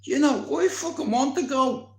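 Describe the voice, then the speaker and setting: Excitable guy, lots of swearing, highish voice, roomy echo. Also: normal speed, gravelly. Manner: swearing constantly, animated and excitable. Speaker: vlogger. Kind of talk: casual storytelling.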